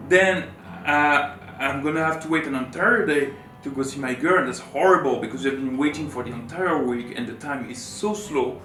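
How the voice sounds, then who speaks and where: A man from France, telling a personal story as co-host in a rambling, animated, filler-heavy way. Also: mid-range voice, moderate pace, hardly any pauses. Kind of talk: casual storytelling chat. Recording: roomy room with faint guitar music.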